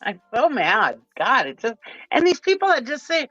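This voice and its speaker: A woman's voice: a little high, huge pitch swings, moderate pace, pushed and bright, no room sound, lo-fi sound. A middle-aged woman from Minnesota, ranting with passion as a guest on a livestream panel. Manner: impassioned, ranting.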